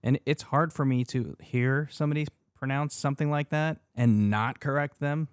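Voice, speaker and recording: A man co-hosting a podcast in casual chat, animated, laughing as he rants, fussy about pronunciation. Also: mid-range voice, moderate pace, clear, resonant tone, no echo, studio quality. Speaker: podcast co-host.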